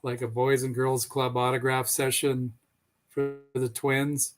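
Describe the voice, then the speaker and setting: A man speaks at a middling pitch in a relaxed, friendly manner. He tells anecdotes conversationally and breaks into a light chuckle now and then. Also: a little slow. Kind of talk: casual chat, storytelling.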